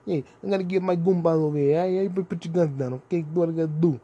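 A pushy Italian-American tough guy barks and swaggers in a mellow, slightly high voice, put on by a young man. He sounds aggressive and cocky. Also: steady tone, fast, lo-fi sound. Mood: brash.

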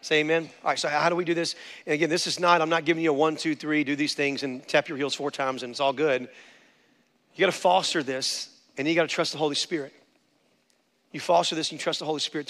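A man's voice: on the high side, steady tone, a little fast, a bit bright. A male pastor preaching a sermon with passion, calling out to the congregation for amens. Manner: impassioned preaching, calls for amen. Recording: long hall reverb.

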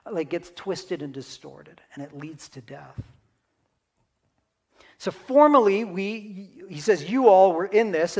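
A man preaching a sermon in a conversational teaching manner, often checking in with his listeners. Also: high-pitched. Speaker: pastor.

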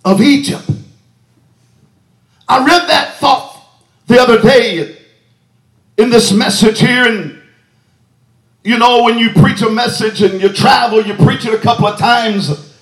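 A Texan man preaches a revival sermon in a church, his voice very high for a man. He shouts fervently, fills the gaps with "uh" and "hallelujah," and speaks a little slowly with long pauses while the sanctuary echoes around him.

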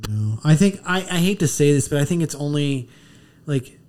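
A man's voice: on the high side, expressive, moderate pace, darkish tone. A tired man co-hosting a podcast, ranting bluntly and swearing often in casual chat. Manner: profane, blunt rants with restarts. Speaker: podcast co-host.

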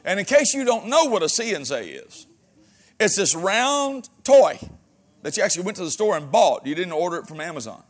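Man, pastor, sermon, high pitch, folksy humor, amens and hallelujahs. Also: fast talker, few pauses. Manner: animated, shifts from loud exhortation to quiet asides; folksy humor, frequent amens and praise interjections.

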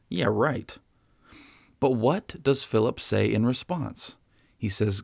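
A man's voice: on the low side, lively intonation, moderate pace, gravelly, a little mellow, dry recording, studio quality. A man preaching a sermon as a pastor, in a conversational way that keeps checking in with listeners. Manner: conversational preaching, frequent "right?".

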